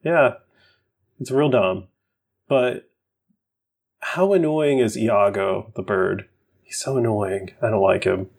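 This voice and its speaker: A young man co-hosting a podcast in casual chat, laid-back and quick to laugh, sometimes losing his train of thought. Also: fairly low pitch, creaky, slightly rough. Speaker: podcast co-host. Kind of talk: casual chat recapping a film.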